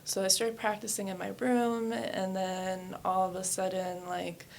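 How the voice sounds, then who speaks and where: A woman's voice: mid-range voice, level tone, unhurried, creaky, a little mellow, a little hiss or hum. A woman in her thirties, a yoga studio owner, telling her life story candidly in a casual interview, with many fillers. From New Hampshire and West Virginia.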